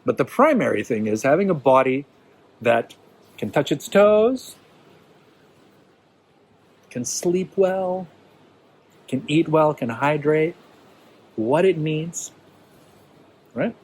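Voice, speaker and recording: A man's voice: a little high, sing-song, takes it slowly, pauses often, darkish tone, a little hiss or hum, rough recording. A man leading a workshop in an easygoing, encouraging way, often checking in with his listeners. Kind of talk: informal teaching talk to a small group.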